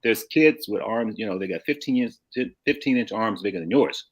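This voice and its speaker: A man in his sixties from St. Louis tells anecdotes in a fairly low voice. He wanders, restarts his sentences and chuckles as he goes. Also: lively intonation, moderate pace. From St. Louis, USA. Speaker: guest. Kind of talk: casual storytelling.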